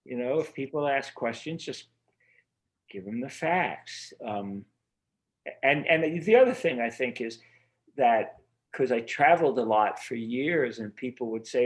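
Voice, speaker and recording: A man's voice: mid-range voice, lively intonation, measured pace. A man being interviewed as an author, talking in an earnest, rambling way with many fillers and restarts over a remote video call. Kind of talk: casual interview conversation.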